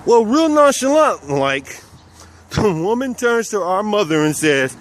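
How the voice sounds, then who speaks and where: A man from South Texas tells personal stories in a relaxed vlog, speaking of himself as "we." His voice sits high for a man, and he chuckles now and then as he talks. Faint street traffic hums behind him. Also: measured pace. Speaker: vlogger. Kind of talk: casual personal storytelling.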